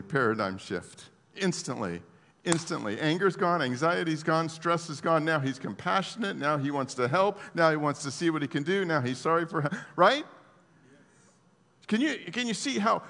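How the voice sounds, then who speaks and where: A man preaching a sermon who swings his pitch and volume widely, questions his listeners and laughs at his own asides. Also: fairly bright tone. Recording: long hall reverb.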